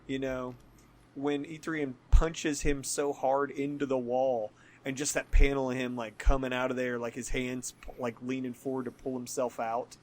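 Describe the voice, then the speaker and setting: A man's voice: mid-range voice, little pitch movement, moderate pace, a little mellow. A man co-hosting a podcast, chatting casually about comics, laid-back, laughing often and swearing loosely. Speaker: podcast co-host.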